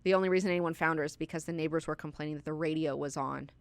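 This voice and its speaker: A woman's voice: sits low, steady tone, racing, no echo. A woman hosting a casual book class, chatty and candid, with frequent profanity and personal asides.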